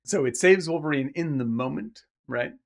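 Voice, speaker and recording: Animated man retelling a film scene. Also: fairly high pitch, moderate pace, creaky. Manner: animated, acts out characters' lines mid-story; swears casually. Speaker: podcast co-host. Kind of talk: casual film discussion.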